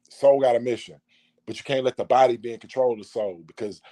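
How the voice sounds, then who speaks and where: A man's voice: medium pitch, fast, dark tone. A man delivering a preachy monologue, full of rhetorical questions and repetition. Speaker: vlogger.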